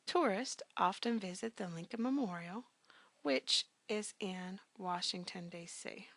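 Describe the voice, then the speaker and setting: Gravelly-voiced woman teaching grammar. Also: mid-range voice, a little slow, a bit bright, no echo. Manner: conversational, with frequent fillers and emphatic "bam" asides. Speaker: business communications teacher. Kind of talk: recorded grammar lecture.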